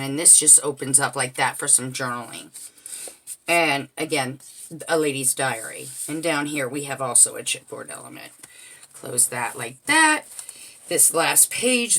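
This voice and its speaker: A woman's voice: low voice, a bit bright. A woman casually walking through a handmade scrapbook album page by page, chatty and explaining each piece as she goes. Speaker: crafter showing a handmade album. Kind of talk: casual show-and-tell narration.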